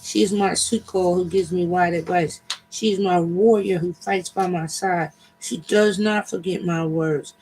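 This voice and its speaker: A man's voice: sits high, steady tone, unhurried, a little mellow, slight background noise, low-quality recording. A man reading as a pleading goddess. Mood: protesting. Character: goddess pleading with her father.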